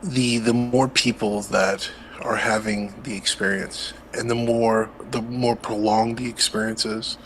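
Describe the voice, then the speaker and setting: Hesitant guy on a call-in debate, pretty monotone, keeps restarting sentences. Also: lowish voice, a little slow, hardly any pauses, slight background noise, rough recording. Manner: hesitant, many fillers and restarts. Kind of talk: casual debate.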